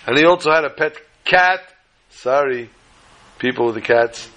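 A man's voice: mid-range voice, normal speed, pushed and bright. A man giving a storytelling talk to a small gathering, folksy and fond of joking asides.

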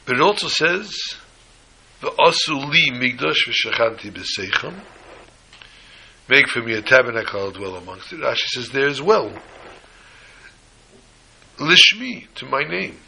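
Man preaching, kinda gravelly and husky, bright edgy tone, tells a story and acts out the voices. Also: unhurried, pauses often, low-quality recording. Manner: animated storytelling, voices the characters with rising pitch. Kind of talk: Torah sermon with a story.

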